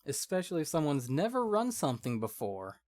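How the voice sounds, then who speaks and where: A man speaking as a guest in a casual chat, calm and measured in a reflective way. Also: a little high, no room sound.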